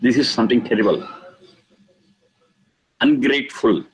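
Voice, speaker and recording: A man teaching a lesson on scripture, speaking slowly and emphatically, repeating key words for stress. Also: medium pitch, lively intonation, slightly rough, poor audio. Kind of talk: lecture explaining scripture.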